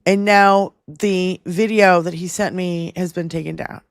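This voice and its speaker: A woman's voice: fairly low pitch, steady tone, measured pace, dry recording, clean studio sound. A woman co-hosting a casual political chat show, talking bluntly and angrily with heavy swearing. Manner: blunt, profane, heated. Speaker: podcast co-host.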